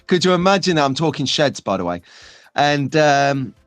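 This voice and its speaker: A man's voice: on the high side, sing-song, moderate pace, no echo, soft background music. A man hosting a casual live stream, bantering and laughing as he chats with viewers. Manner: jokey, bantering, laughs often.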